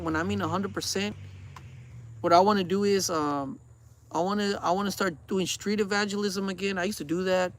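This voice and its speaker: A man's voice: high-pitched, fairly bright tone. A man in his forties chatting earnestly in a vlog, rambling and preachy, often repeating himself. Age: 40s. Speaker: vlogger. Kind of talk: casual rambling chat.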